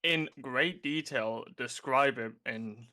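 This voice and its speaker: A man playing a tabletop game, recapping events with pauses and fillers. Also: mid-range voice, bright, forceful tone. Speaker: player. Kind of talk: casual game chat.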